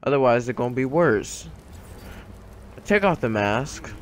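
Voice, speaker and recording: A man's voice: medium pitch, animated, measured pace, crowd noise. A man telling a dramatic story in a casual, slangy way, with comic asides. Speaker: gaming YouTuber.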